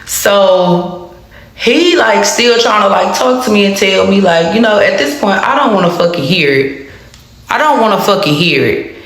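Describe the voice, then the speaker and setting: A woman telling a personal story to her viewers in a casual storytime, animated and heavily profane, repeating phrases for emphasis. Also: medium pitch, moderate pace. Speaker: storytime vlogger. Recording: very echoey room.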